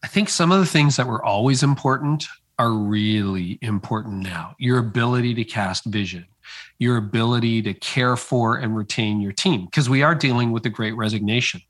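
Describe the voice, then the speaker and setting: Man telling a story slowly. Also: medium pitch. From Canada. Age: middle-aged. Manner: slows down to stress key moments, lively storyteller. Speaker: guest, former pastor. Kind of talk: storytelling in conversation. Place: at his home area, speaking remotely.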